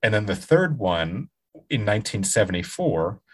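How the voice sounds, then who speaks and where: Husky low-voiced man explaining. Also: normal speed. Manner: steady, informative, lays out facts. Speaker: podcast co-host. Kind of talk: casual chat.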